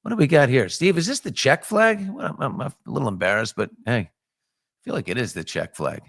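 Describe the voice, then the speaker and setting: A man's voice: expressive, brisk, vocal fry, breathy edge, no echo. A middle-aged man hosting a casual morning show from a home studio, greeting viewers with bouncy, upbeat chatter. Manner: upbeat, shouting out viewers with jumps in pitch. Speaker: host.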